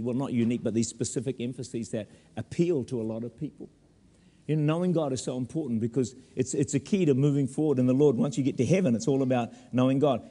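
A man preaching a sermon as pastor in a church, animated with humorous asides. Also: medium pitch, in a large hall.

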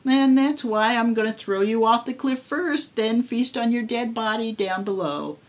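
A woman reading the part of a female ghoul who poses as a wary young woman, in a calm, matter-of-fact voice. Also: on the high side, a little slow, voice pushed up, lightly acted. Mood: menacing.

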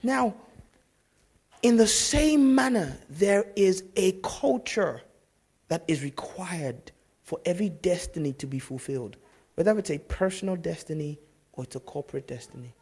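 A man preaching a sermon as pastor, telling stories in a lively way that swings from loud to hushed. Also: sits high, normal speed, breathy edge.

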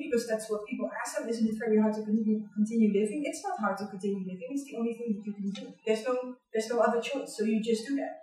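A middle-aged woman with a Dutch accent, giving a candid, personal university lecture in a large hall, often pausing on "um" and checking in with "right?". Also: on the high side, warm tone. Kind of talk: public lecture. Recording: echoey hall, distant mic.

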